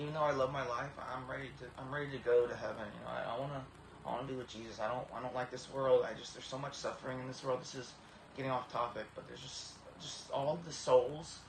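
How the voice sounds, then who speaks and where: A man in his thirties speaks in a flat, narrow-pitched voice, stumbling over repeated starts as he gives an earnest, tearful personal testimony. The room is echoey, with a faint hiss behind him. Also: creaky. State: tearful, emotional. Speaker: vlogger.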